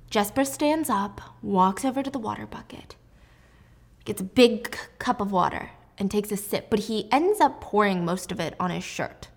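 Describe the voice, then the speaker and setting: A young woman recapping a story in a casual, jokey and animated way. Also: mid-range voice, normal speed. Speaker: book recap host.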